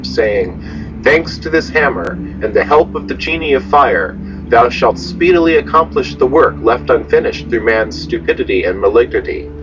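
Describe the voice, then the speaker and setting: A man narrating a documentary clip in a measured, solemn reading. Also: mid-range voice. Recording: dull, distant clip with music.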